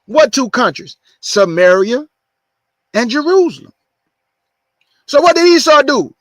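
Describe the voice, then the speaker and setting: A man hosting his show, preaching, repeating his points slowly for stress. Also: very high voice, very animated, no echo. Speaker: show host. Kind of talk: preaching monologue.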